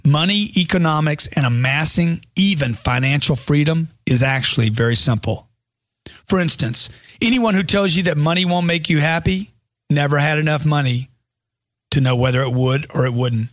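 A man's voice: a little high, normal speed, no echo, studio quality. Man reading a punchy motivational book.

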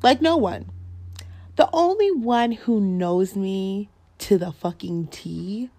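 A young woman hosting her own podcast, telling a story in a blunt, profane, animated way and acting out both sides of the dialogue. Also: medium pitch, takes it slowly. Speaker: podcast host. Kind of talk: casual storytelling rant.

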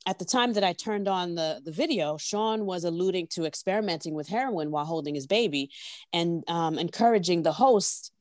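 A woman co-hosting a casual podcast discussion from her workplace, talking in an animated, slangy way full of rhetorical questions. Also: on the low side, brisk, no room sound, studio quality. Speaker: podcast co-host.

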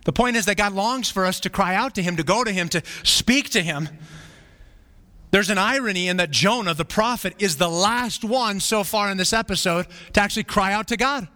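A man's voice: high-pitched, normal speed, bright, forceful tone. A man preaching a sermon as pastor, earnest and repeating key phrases for emphasis. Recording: reverberant hall sound.

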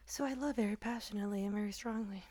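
A woman's voice: mid-range voice, fast talker, dark tone. A woman co-hosting a casual podcast, candid and joking, swearing freely. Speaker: podcast co-host, shop owner. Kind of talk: casual chat.

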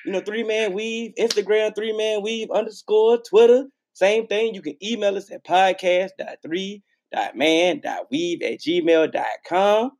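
A man's voice: sits high, unhurried, few pauses, a little mellow. A man co-hosting a sports podcast, talking in a hyped, slangy, teasing way. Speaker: podcast co-host. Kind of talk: casual sports podcast chat.

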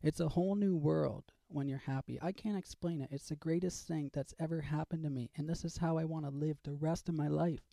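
A man's voice: fairly high pitch, steady tone, brisk, creaky, few pauses, mellow, dry recording. A man hosting a comedy rant segment, talking with sarcastic cheer that erupts into swearing.

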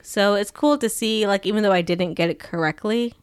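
A woman's voice: medium pitch, fairly quick, clean tone, no room sound. A woman co-hosting a podcast in casual chat, giggling and nervous as she talks. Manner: giggly, nervous, laughs often. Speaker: podcast co-host.

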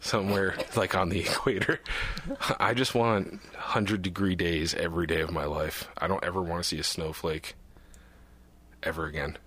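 A man's voice: sits low, fairly even intonation, normal speed, a bit bright, breathy edge. A man co-hosting a podcast in casual chat, joking and laughing often, recorded in a small shed. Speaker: podcast co-host.

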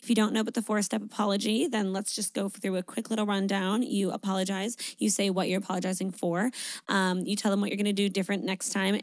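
A woman's voice: medium pitch, no room sound. A young woman hosting her own podcast in casual, chatty talk, swearing freely and filling with "like" and "um". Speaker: podcast host. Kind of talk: casual solo podcast chat.

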